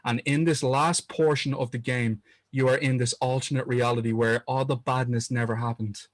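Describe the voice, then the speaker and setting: A man's voice: mid-range voice, steady tone, moderate pace, no room sound. A man co-hosting a podcast, earnestly retelling a story in casual chat, often restarting his sentences. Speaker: podcast co-host.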